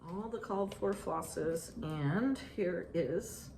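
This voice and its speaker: A woman chatting casually about her stitching projects, halting and restarting often with ums. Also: on the low side, creaky. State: out of breath. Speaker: stitching vlogger. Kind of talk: casual show-and-tell chat. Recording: echoey room, faint ambient noise.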